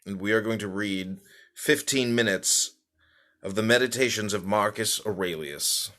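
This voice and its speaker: A man's voice: lowish voice, normal speed, sharp tone. A man hosting a live stream in casual chat, rambling with many fillers and dry jokes.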